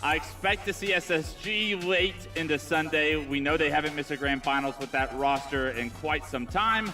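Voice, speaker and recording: Bright, crisp-voiced esports analyst man. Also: on the high side, normal speed, faint music behind. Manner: confident, reasoned predictions. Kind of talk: esports analysis on a broadcast desk.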